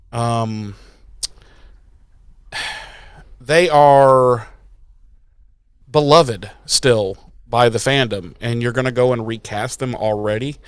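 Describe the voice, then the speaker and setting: A man's voice: medium pitch, clear, resonant tone, no room sound, studio quality. A man co-hosting a podcast, ranting in casual chat with sarcastic, profane asides. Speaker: podcast co-host.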